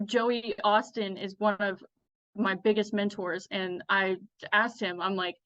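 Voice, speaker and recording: A woman guest telling her story in casual conversation, animated and blunt, laughing often. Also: mid-range voice, unhurried, dry recording. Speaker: guest, Western fashion influencer. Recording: dull lo-fi dry sound.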